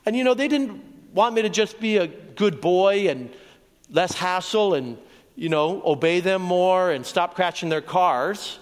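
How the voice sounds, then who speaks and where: A man's voice: high voice, a little slow. A man from Oregon preaching his testimony to a live audience, storytelling earnestly with asides to the crowd. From Oregon, USA. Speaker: evangelist preacher. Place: large hall with an audience. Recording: long reverb from a large hall.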